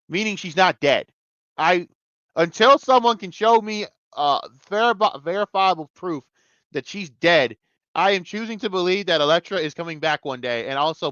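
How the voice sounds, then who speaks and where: A man's voice: mid-range voice, a bit bright, dry recording, highs cut off. A man reviewing a TV episode in a casual rant, swearing constantly and mocking the characters.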